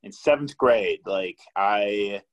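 A young man hosts a casual podcast chat, his voice sitting a little low. He talks in a relaxed, rambling way, swears freely and pads his sentences with fillers. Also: slow, muffled recording. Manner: laid-back, swears a lot, many fillers. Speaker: podcast host.

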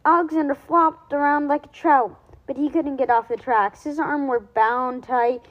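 A woman reading a children's chapter book aloud in a lively way, doing voices for the characters. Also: high voice, moderate pace, dull audio. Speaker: reader.

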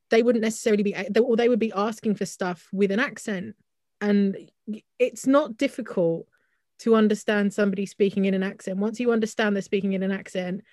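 A woman talks in a casual podcast, heated and circling back with restarts and frequent "like". Her pitch sits mid-range. The sound is close and dry, with no room around it. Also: darkish tone, no room sound. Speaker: podcast co-host. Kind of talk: casual chat.

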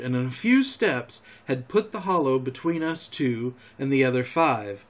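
A man hosting a storytelling show, reading a classic novel aloud in a calm, homely way. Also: medium pitch. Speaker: storyteller host.

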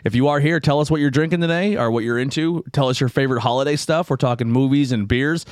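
A man's voice: medium pitch, quick pace, no echo, studio quality. A man hosting a podcast, talking loosely and rambling, swearing freely as he goes. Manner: loose, profane, rambling storyteller. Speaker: podcast host. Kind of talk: casual chat. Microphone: podcast microphone.

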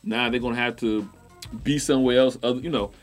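A man co-hosting a casual sports talk show, animated, repeating himself and laughing often. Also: mid-range voice, fast, soft background music.

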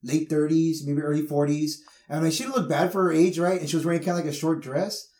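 A man, a bit higher-pitched than most men, talking casually on a podcast. He rambles through his stories with plenty of filler words. His voice bounces around a roomy space. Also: a little fast, darkish tone. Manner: loose storytelling, many filler words and laughs. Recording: roomy echo.

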